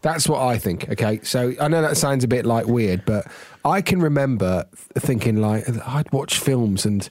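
A middle-aged man co-hosts a podcast in casual chat, telling stories about himself with lots of restarts and a self-mocking tone. His mid-range voice is darkish, with lively intonation and a moderate pace, recorded in a clean studio with no room sound.

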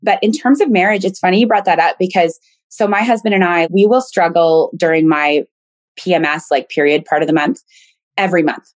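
A woman telling candid, animated personal stories in a casual podcast conversation. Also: on the low side, a little fast, dry recording.

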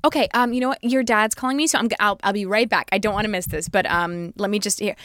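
A woman's voice: medium pitch, fairly even intonation, fast, few pauses, a bit bright, no echo, clean studio sound. A woman improvising a comedy scene, talking in a chatty, flustered way as she switches between characters. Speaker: comedy podcast co-host.

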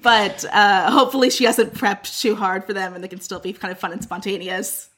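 Woman producer doing the interview, bubbly and playful, reading off quick questions. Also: mid-range voice, fairly even intonation, fairly bright tone, breathy edge. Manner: upbeat and playful, laughs often. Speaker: associate producer interviewing the host. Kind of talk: casual podcast interview.

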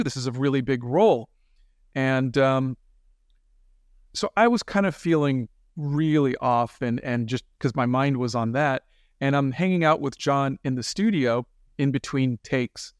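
A man guest in an interview, telling lively anecdotes in casual talk and acting out the people he quotes. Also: medium pitch, moderate pace, no echo, clean studio sound. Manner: animated anecdotes with quoted voices. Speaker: guest, animator and film director.

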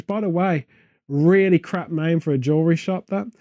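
A man rambles from one absurd idea to the next in a deadpan comic chat. His voice is mellow and a touch high for a man. It is recorded close and dry, with no room sound. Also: normal speed, no echo. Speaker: podcast co-host.

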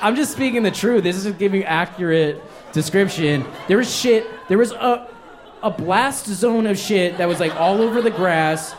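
Man, young adult, stand-up comic, slightly high voice, animated and self-mocking, faint background noise. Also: moderate pace, crowd noise. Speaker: stand-up comedian. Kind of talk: stand-up storytelling.

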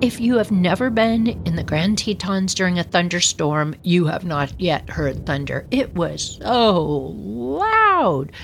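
A middle-aged woman hosting a storytelling podcast, telling her own childhood memory in an animated, dramatic way. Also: measured pace, creaky, hardly any pauses, slight background noise. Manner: animated, dramatic, swoops into high voices. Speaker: storyteller host.

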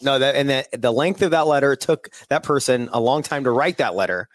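A co-host in casual chat, giving quick, agreeable, teasing replies. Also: mid-range voice, dry recording, studio quality.

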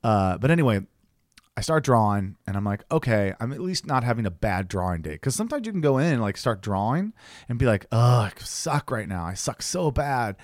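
A man's voice: fairly quick, dry recording, studio quality. A man, a caricature artist, telling a story in casual chat, swearing often and acting out the people he quotes. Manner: animated, swears often, acts out quoted people with big pitch jumps.

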